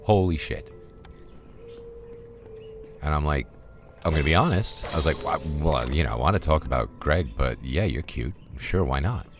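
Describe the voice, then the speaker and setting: Very deep-voiced middle-aged man, rambling. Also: lively intonation, brisk, music in the background. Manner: rambling, profane, full of fillers. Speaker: gaming streamer. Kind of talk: casual rambling storytelling.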